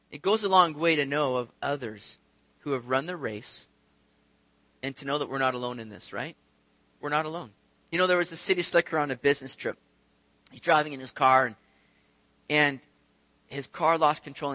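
A man's voice: high voice, sharp tone, no echo. A man preaching a conversational sermon, acting out the voices of the people in his stories. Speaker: pastor. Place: church sanctuary.

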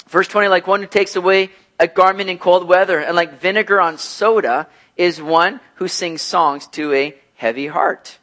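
A man preaching through a Bible passage in an easy, conversational way. His voice sits high for a man, and it rises and falls with energy as he explains each verse. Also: normal speed, few pauses. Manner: lively, acts out bubbly and gloomy voices in his examples. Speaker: pastor. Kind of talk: expository sermon, casual and animated.

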